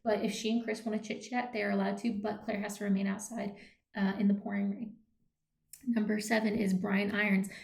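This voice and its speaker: A young woman rambles through a casual vlog in a mellow, fairly flat voice, tossing in 'um' and 'like' and the odd swear. Her voice bounces around a roomy, echoey space. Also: mid-range voice. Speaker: vlogger.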